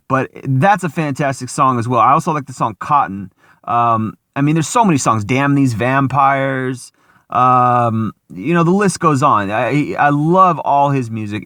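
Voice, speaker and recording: A man from Washington State rambles through a casual monologue, full of fillers, restarts and cursing. His voice is bright and forward, and the sound is dry and close. He is talking outside, at a spot where traffic passes by. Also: mid-range voice, dry recording. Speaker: vlogger. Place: outdoors, in a spot with passing traffic.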